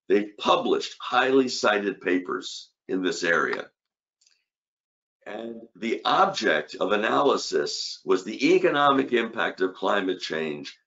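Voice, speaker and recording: Older man, academic lecture, emphatic rhetorical questions, low lively voice, dull lo-fi recording. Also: creaky. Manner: emphatic, rhetorical questions, punchy repeated short phrases. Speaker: economics professor giving a conference talk.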